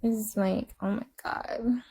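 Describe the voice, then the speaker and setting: Young woman, slightly high voice, rambling confessional chat into a phone, hushed to giggly. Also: fairly even intonation, slow, gravelly, slightly rough. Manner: rambling, repeats herself, drops to a hush then rises to giggly high exclamations. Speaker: live streamer.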